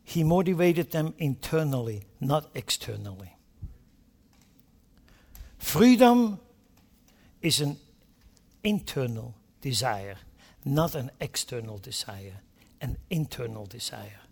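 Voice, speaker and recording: A male preacher giving an impassioned sermon, speaking straight to the congregation with rhetorical questions and sudden loud emphatic bursts. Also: medium pitch, very animated, takes it slowly, vocal fry, long pauses, slightly rough, in a large hall. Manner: impassioned, swinging between quiet asides and loud emphatic bursts.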